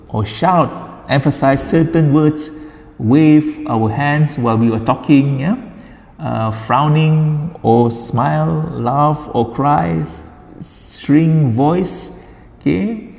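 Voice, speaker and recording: A man's voice: medium pitch, gravelly, darkish tone. A man from Sarawak with a Sarawakian Malaysian English accent, giving a chatty classroom lecture and dropping in Malay particles like lah. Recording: echoey room with long reverb.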